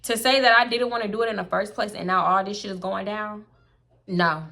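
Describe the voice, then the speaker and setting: A young woman telling a story to camera, casual, animated and blunt, swearing freely. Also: medium pitch, a little fast, creaky. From Houston, Texas. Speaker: storytime vlogger.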